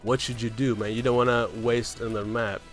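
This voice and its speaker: A man's voice: mid-range voice, level tone, a little fast, faint music behind. A man casually telling a story about a game run, rambling along and often tagging on "right?" and "man". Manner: rambling, keeps asking "right?" and saying "man".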